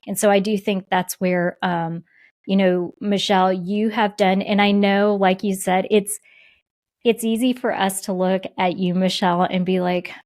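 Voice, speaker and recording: A woman co-hosting a podcast in casual conversation, chatty and quick to laugh, often retelling what others said. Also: mid-range voice, flat delivery, darkish tone. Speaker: podcast co-host.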